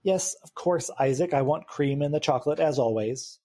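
A man's voice: on the high side, normal speed, warm tone, lightly acted. A man voicing a paranoid, pretentious woman inventor speaking into a tape recorder. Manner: suspicious and grandiose.

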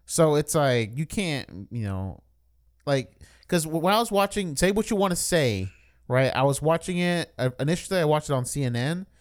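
A man's voice: on the high side, lively intonation, moderate pace. A man co-hosting a casual podcast. He rambles, using lots of fillers and restarting his sentences as he explains things. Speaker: podcast co-host.

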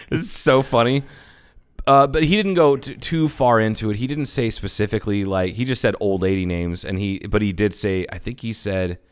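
A man's voice: fairly low pitch, normal speed, clean tone. A man co-hosting a podcast in casual chat, swearing freely and laughing often as he tells stories. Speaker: podcast co-host.

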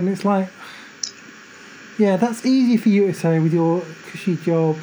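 A woman's voice: on the low side, normal speed, dark tone, slight background noise, poor audio. A woman hosting a podcast, chatty and agreeable, filling her talk with "you know" and "like". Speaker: podcast host. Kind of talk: casual faith podcast chat.

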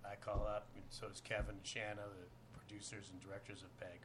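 A man's voice: on the low side, little pitch movement, brisk, a bit bright, slight background noise. A man, a guest actor, telling a rambling, profane anecdote full of "you know" in a podcast interview.

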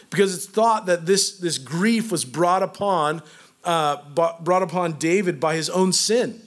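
Conversational male preacher, fairly high voice. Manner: conversational, peppered with "like". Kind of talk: sermon.

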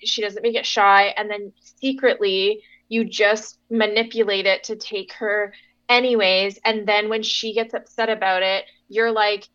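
A woman co-hosting a podcast in casual chat, rambling and animated as she retells scenes. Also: mid-range voice, a little slow. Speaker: podcast co-host. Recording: dull, dry recording.

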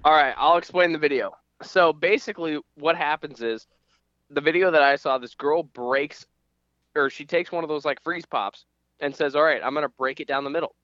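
A man's voice: on the high side, moderate pace, fairly bright tone, dry recording, lo-fi sound. A young man co-hosting a podcast, telling rambling stories full of fillers in casual chat. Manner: rambling storyteller, many fillers. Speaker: podcast co-host.

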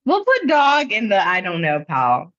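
A woman's voice: medium pitch, huge pitch swings, moderate pace, a bit bright. Rambling American woman, lo-fi sound. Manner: rambling, fills speech with "like", laughs easily. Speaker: podcast co-host. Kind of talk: casual chat. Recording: dull lo-fi sound.

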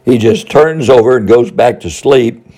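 A man's voice: medium pitch, lively intonation, normal speed, dark tone, slightly rough. A man quoting a worn-out working mother asking for help, in a slightly raised voice. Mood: pleading. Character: harried working mother, pleading.

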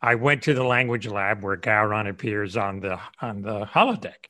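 A man's voice: lowish voice, animated, moderate pace, sharp tone. A man interviewing, chatting as an eager fan who laughs easily. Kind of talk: casual chat.

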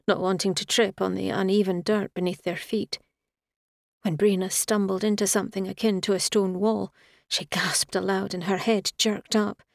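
A woman's voice: mid-range voice, no echo, studio quality. Woman narrating a romance audiobook.

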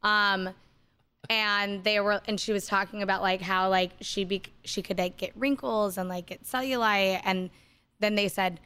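A woman's voice: medium pitch, fairly even intonation, moderate pace, bright, forceful tone, clean tone, no room sound. A woman guest on a film podcast, chatting in a bubbly way with lots of filler words. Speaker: musician guest. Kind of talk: casual film discussion.

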